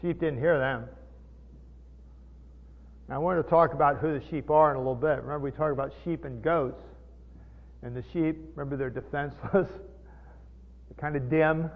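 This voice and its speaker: A male pastor teaches a sermon in a folksy, conversational way, stopping to explain old Greek words and ask his listeners questions. His voice sits a little high, with a gravelly edge. It comes through a tinny, phone-like line with a long hall echo behind it. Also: normal speed, long pauses.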